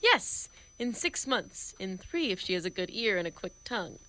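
A woman's voice: medium pitch, very animated, normal speed, sharp tone, slight background noise, rough recording. A woman reading the part of a domineering male professor in an amateur play reading, brusque and theatrical. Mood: bossy.

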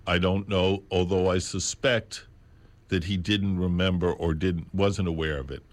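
A low-pitched man speaks slowly and deliberately into a studio microphone, hosting a radio program. He talks unscripted, pausing to spell out details with care. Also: fairly even intonation. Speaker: radio host. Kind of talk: unscripted radio talk about records. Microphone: studio mic on a stand.

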